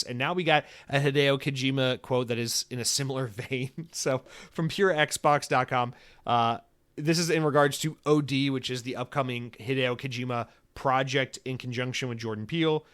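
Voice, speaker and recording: A young man hosts his own gaming podcast, talking in a loose, rambling rant. He is sarcastic and profane, and he slips into quick put-on voices when he quotes people. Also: mid-range voice, fairly bright tone, smooth. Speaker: podcast host. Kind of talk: solo podcast commentary.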